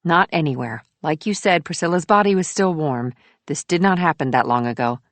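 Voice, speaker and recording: A man voicing a tense female detective partner in an audiobook, asking sharp, urgent questions. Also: a little high, lively intonation, fairly quick, no echo, voice pushed up.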